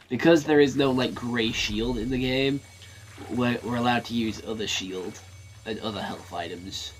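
A gaming streamer gives casual commentary, swearing freely and talking himself through a match. His medium-pitched voice is fairly even and unhurried, with slight background noise.

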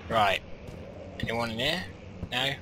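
A man's voice: medium pitch, animated, slow, noisy background. Muttering young man playing a game. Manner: rambling, self-mocking, often muttered half to himself. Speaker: gameplay commentator. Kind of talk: let's-play commentary. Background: game music.

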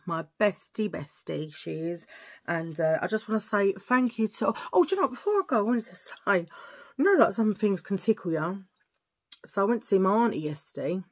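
Casting: chatty woman vlogger, a bit low-pitched, rambling and talking to herself. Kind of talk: casual chat to camera.

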